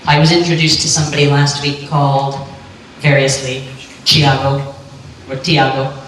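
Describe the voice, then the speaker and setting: A woman giving a clear, lightly joking talk on pronunciation to a live audience at a conference. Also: low-pitched, little pitch movement, fairly quick. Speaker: conference speaker on pronunciation teaching. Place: lecture hall. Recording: echoey hall, distant mic, faint hum.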